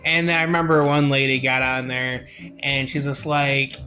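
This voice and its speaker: A young man telling a work story in a casual vlog, rambling and halting, acting out the quotes. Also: medium pitch, flat delivery, pushed and bright, faint music behind.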